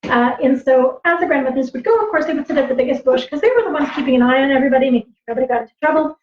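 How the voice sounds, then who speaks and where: A woman storyteller and teacher on a livestream, animated and laughing, acting out voices as she tells stories. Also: high voice, racing. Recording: roomy, slightly dull livestream audio.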